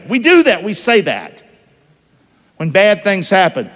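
A male pastor with a drawl, preaching in an animated, rising-and-falling voice that sits a little high for a man. He talks to the congregation conversationally and keeps firing questions at them. The sound carries a long church-hall reverb. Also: unhurried. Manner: lively, conversational preaching with call-and-response questions. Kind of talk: sermon.

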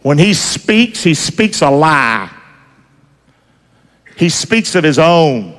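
Preacher with a lively, swooping voice. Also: male voice, a little high, slow, long reverb tail. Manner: call-and-response preaching, asks the crowd to finish lines. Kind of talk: sermon.

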